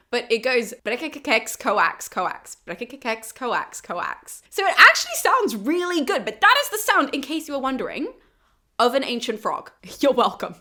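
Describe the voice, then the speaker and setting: A woman hosting a casual summary of an ancient play, chatty and animated and laughing often. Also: on the high side. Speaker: host of a classics explainer channel.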